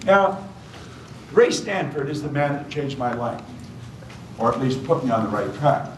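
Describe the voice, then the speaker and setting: A man's voice: medium pitch, animated, normal speed, slight background noise. An older man giving a motivational seminar talk. He tells stories emphatically and repeats key phrases. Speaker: motivational speaker. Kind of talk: seminar talk to a live audience. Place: hotel function room. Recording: echoey hall, voice from far off.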